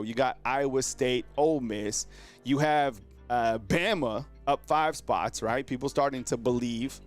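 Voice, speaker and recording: A man hosting a casual live sports show, talking excitedly in slang to his viewers, heavy on fillers and exclamations. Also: medium pitch. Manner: animated, exclaims and addresses viewers as fam. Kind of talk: casual live-stream commentary.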